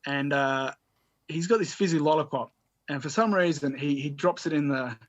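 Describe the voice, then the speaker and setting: A man's voice: a little high, moderate pace, no echo, highs cut off. A man telling a story as a podcast guest, rambling with frequent restarts and swearing. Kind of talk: casual storytelling.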